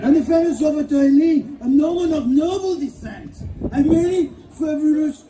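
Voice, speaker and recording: A man's voice: very high voice, normal speed, background noise. A man playing a boastful Norman knight with an exaggerated mock French accent in an amateur folk play, recorded from a distance with a crowd around. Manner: pompous, blustering, theatrical. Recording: distant outdoor stage with crowd.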